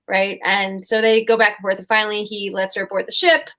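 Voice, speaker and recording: A woman's voice: mid-range voice, steady tone, fairly quick, few pauses, sharp tone. A young woman co-hosting a casual chat show, retelling fairy tales in a rambling, giggly way. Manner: chatty, rambling, giggly storytelling. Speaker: co-host.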